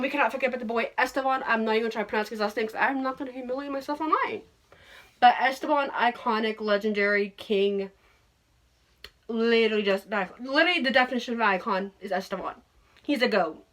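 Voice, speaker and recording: Young woman host, excitable and gushing, casual swearing chat, slightly high pitch. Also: a little fast. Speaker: podcast host.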